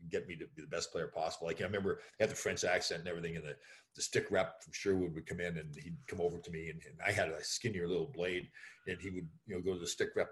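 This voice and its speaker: A former pro hockey player, a deep-voiced middle-aged man, is a guest telling stories in an interview at a brisk clip. His anecdotal, rambling talk is full of fillers like "like" and "you know," and he acts out other people's voices when quoting them.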